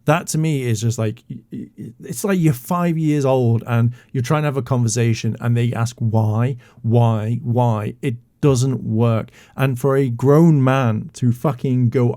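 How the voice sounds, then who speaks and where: A man ranting in blunt, profane YouTube commentary, his voice sitting at an ordinary middle pitch. He sounds indignant and heated throughout. The sound is close and dry, with no room echo. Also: steady tone, a little slow, few pauses, dark tone.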